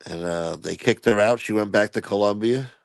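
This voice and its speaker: A man's voice: fairly low pitch, normal speed, gravelly, no echo. A man hosting a channel, telling stories in a laid-back, rambling, crude way. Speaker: channel host. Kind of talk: casual storytelling commentary.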